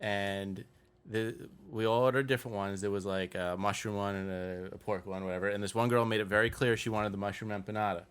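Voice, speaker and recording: A young man co-hosting a comedy podcast, telling stories with dry, deadpan punchlines. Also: lowish voice, a little fast, clear, resonant tone. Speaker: podcast co-host. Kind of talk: casual comedic chat.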